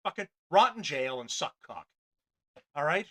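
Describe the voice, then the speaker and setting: A man's voice: on the high side, big pitch swings, normal speed, pushed and bright. A male podcast host in an angry, profane and rambling political rant.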